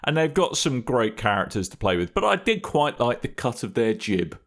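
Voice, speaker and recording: A man's voice: mid-range voice, very animated, normal speed. A man co-hosting a gaming podcast in casual chat, full of wry, jokey asides. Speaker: podcast co-host.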